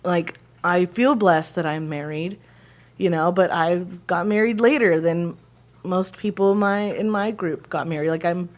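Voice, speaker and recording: Woman in her thirties, lowish voice, rambling heartfelt chat, close to tears. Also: a little slow. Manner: rambling, emotional, many fillers. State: holding back tears. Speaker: podcast co-host. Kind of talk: casual heartfelt conversation.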